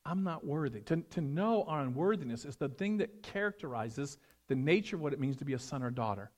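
A male pastor preaching a sermon, animated, swinging between loud emphasis and hushed, prayerful tones. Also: fairly high pitch, brisk.

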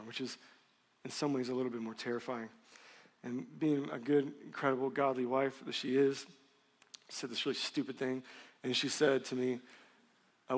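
Thirties male pastor, mid pitch, candid conversational sermon, church hall reverb. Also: moderate pace, pauses often. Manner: candid, conversational, animated storytelling. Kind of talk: sermon with personal story. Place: church sanctuary.

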